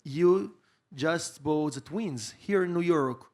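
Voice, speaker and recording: A man from Israel, interviewing a guest on a conference stage, asks his question earnestly and haltingly, searching for words. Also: on the high side, a little mellow. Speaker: panel interviewer.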